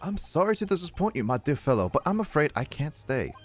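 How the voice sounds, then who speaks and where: A man's voice: on the high side, very animated, faint music behind, pitched above the performer's own voice. A man voicing a theatrical, grandiose male detective in a video game read-through. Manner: grandiose, drawn-out declarations.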